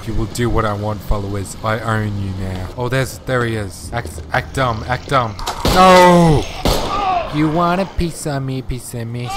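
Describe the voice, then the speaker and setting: A young man commentating a zombie game as he plays, excitable, joking and swearing. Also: medium pitch. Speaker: gamer playing online. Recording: noisy game audio.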